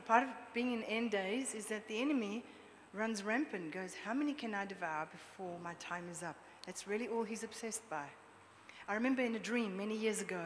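Woman preaching in a reverberant hall. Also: mid-range voice. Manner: lively, chatty, draws the audience in with questions. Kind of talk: sermon to a congregation. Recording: long reverb with faint background noise.

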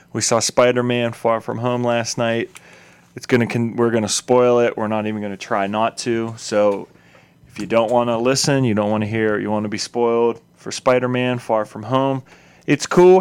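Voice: medium pitch, clean tone. A podcast co-host in casual chat, dry and teasing, who sometimes steps in to address listeners.

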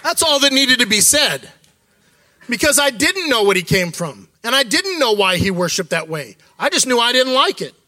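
A man preaching in a candid, conversational way, often slipping into quoted asides. His voice sits high for a man and rings bright and forceful. The recording is close and dry. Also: sing-song, normal speed, no echo. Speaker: associate church leader. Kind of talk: sermon.

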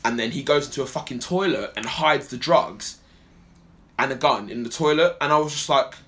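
A man rants his way through a film review on a podcast. He rambles and swears freely as he retells scenes, and his voice sits at an ordinary middle pitch. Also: moderate pace. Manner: rambling, animated, swears a lot. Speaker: podcast co-host. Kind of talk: casual film review chat.

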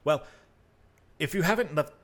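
A man voicing a courteous brothel receptionist woman in a tabletop game, welcoming with halting fillers. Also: on the high side, animated, a bit bright, voice pushed up.

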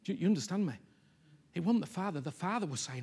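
A man's voice: high voice, lively intonation, fast talker, gravelly, darkish tone, husky. A man preaching a sermon to a congregation and then leading a prayer, talking emphatically, repeating himself and addressing the people in front of him. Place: church hall with a congregation.

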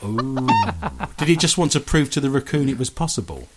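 A man's voice: mid-range voice, sing-song, normal speed, very noisy. A man hosting a radio show, trading cheeky, bawdy jokes with his co-host and laughing at his own lines. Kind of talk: bawdy comic banter.

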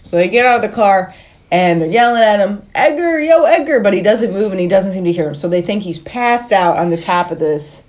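A woman's voice: mid-range voice, a little fast, a little mellow. Chatty woman recapping a plot. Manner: chatty storytelling, puts on voices when quoting. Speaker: podcast co-host recapping a film. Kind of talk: casual chat, plot recap.

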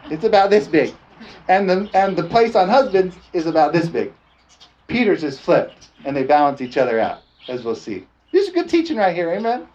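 A male preacher delivering a sermon in church, animated, often chuckling and calling out "amen?" to the congregation. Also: a little high, moderate pace, muffled recording. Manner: animated, chuckling, frequent call-and-response "amen?". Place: church service, also streamed online.

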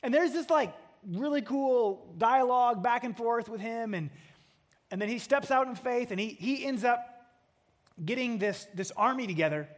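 A man preaching a sermon to a congregation in a chatty, animated way, often restarting his sentences. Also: extremely high pitch, moderate pace. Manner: conversational and animated, with frequent restarts.

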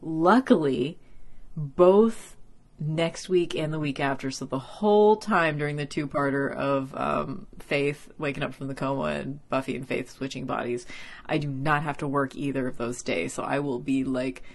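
Low-voiced woman chatting a casual recap. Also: fairly even intonation, normal speed. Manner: chatty, profane, heavy use of "like". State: tired after a workday. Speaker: podcast host.

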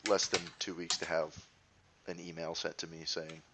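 A man's voice: low voice, flat delivery, moderate pace, creaky, noisy background. A man hosting a podcast in casual chat, wry and joking, with some swearing. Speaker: podcast host.

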